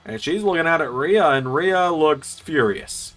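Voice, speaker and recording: A man hosting and commentating on a wrestling video game series, doing chatty, excitable play-by-play with jokes. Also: a little high, a little slow, faint music behind.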